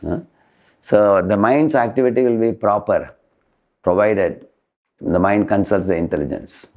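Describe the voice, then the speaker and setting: A man's voice: lowish voice, highs cut off. A man giving a spiritual lecture to college students, tagging points with a questioning "huh?" and explaining through everyday analogies. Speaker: spiritual teacher.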